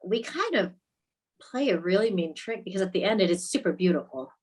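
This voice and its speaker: A woman's voice: medium pitch, animated, brisk, slightly rough, rough recording. A woman film director in a casual interview, telling stories animatedly, acting out quoted lines and laughing often.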